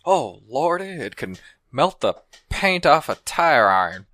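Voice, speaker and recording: A man's voice: a little high, big pitch swings, a little slow, pushed and bright, no room sound, clean studio sound, voice pushed up, heavily acted. A man putting on the voice of a prim, grumbling middle-aged Texan dad. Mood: fussy.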